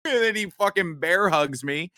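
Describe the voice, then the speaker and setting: A man co-hosting a podcast, telling a long story in a rambling, animated way, with many restarts and swearing. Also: high voice, moderate pace, no room sound, studio quality. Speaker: podcast co-host. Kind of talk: casual storytelling chat.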